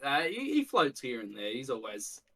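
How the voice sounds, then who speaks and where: A man in a casual podcast chat, often agreeing with quick "yeah, yeah". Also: medium pitch, wildly swooping pitch, a bit bright. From Australia. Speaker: podcast co-host.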